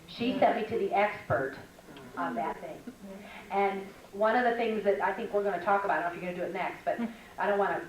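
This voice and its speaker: A woman's voice: medium pitch, quick pace. Middle-aged woman lecturing in an echoey hall. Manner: animated, storytelling, acts out quoted voices. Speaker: speaker at a women's Christian conference. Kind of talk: lively spoken lecture. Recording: echoey hall from a distance with background noise.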